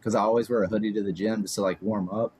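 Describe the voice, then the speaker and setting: A man's voice: on the low side, steady tone, very fast, darkish tone, slightly rough. A man in his thirties, a podcast guest, rambling through anecdotes in casual chat with lots of "like" and chuckles. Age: 30s.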